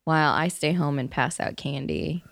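A woman in her thirties chatting casually, telling stories in a lively way. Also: low-pitched, normal speed, creaky, no room sound. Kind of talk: casual chat.

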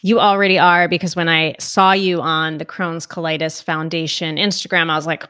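A woman's voice: fairly low pitch, fairly even intonation, moderate pace, hardly any pauses, a bit bright, dry recording, studio quality. A woman from New Jersey with a New Jersey accent, hosting a podcast interview in an upbeat, chatty way. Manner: upbeat, chatty, reads definitions aloud. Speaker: podcast host.

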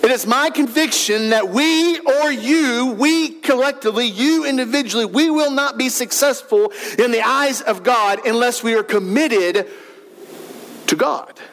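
A man's voice: very high voice, measured pace, fairly bright tone, in a large hall. A man, a pastor giving an earnest, conversational sermon in a church. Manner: earnest, questioning, conversational preaching.

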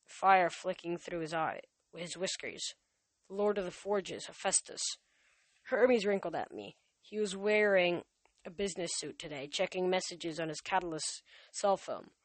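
A woman with a fairly low voice reads a storybook aloud at home. The recording is dry and close. She lifts her voice for the characters' lines. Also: no room sound. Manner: reads dialogue louder and higher than narration. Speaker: reader. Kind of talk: amateur audiobook reading.

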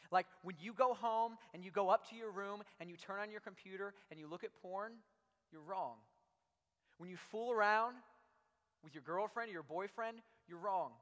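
A man's voice: high voice, fairly bright tone. A young adult man preaching a sermon to a youth audience in a large room, talking conversationally and animatedly with lots of "like" fillers. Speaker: youth pastor. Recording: long hall reverb.

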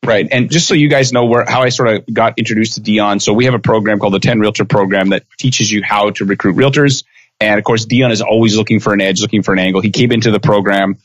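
A man hosting an interview podcast, talking in an energetic, casual way. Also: fairly low pitch, quick pace, no echo, dull audio. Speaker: podcast host.

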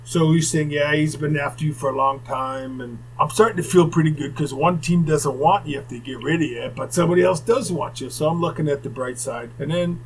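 An older former hockey player telling rambling anecdotes in casual conversation, with asides. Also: male voice, on the high side, a little fast, hardly any pauses, slight background noise, poor audio. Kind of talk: casual storytelling.

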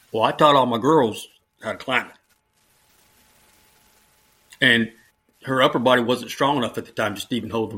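A middle-aged man with a bright, crisp-edged voice of ordinary pitch tells stories from his military and teaching years. He talks casually and chuckles often, lifting his voice to act out the people he quotes. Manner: lively anecdotes, mimics quoted people in a raised voice. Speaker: retired Army officer, JROTC instructor. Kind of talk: storytelling in a conversational interview.

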